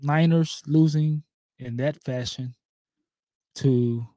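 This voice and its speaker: Mellow-voiced sports podcast host. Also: male voice, a little high, slow pace, no echo. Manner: laid-back, ribbing. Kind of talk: casual sports chat.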